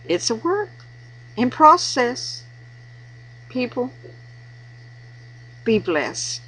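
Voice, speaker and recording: A woman's voice: a little high, very animated, drawn-out words, a bit bright, husky, low-quality recording. A woman giving earnest, preachy marriage advice in an informal devotional talk, repeating words for emphasis. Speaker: Christian video blogger giving marriage advice.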